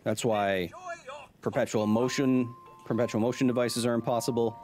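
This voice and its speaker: Man in his thirties, game streamer, playful and jokey, mid-pitched voice, faint music behind. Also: fairly even intonation, moderate pace, darkish tone. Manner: playful, jokey, reads chat aloud. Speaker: streamer, science communicator. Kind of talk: casual live-stream chat.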